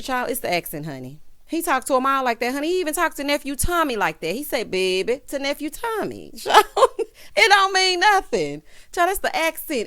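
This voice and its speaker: A woman hosting a casual reality show recap, sassy and chatty, acting out the people she quotes. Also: on the high side. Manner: sassy, chatty, animated quoting of others. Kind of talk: casual commentary.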